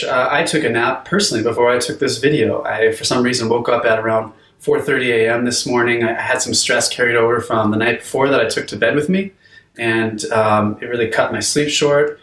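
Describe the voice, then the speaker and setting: A man teaches an unscripted video course on sleep, speaking conversationally with frequent fillers and restarts. His voice is medium-pitched and fairly bright, picked up by a distant mic in an echoey room.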